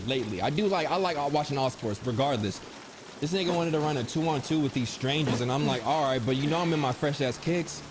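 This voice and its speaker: With a mid-range voice and a little hiss or hum on the recording, a young man spins comic stories from his own life. He's animated and slangy, performing the quotes of people in them.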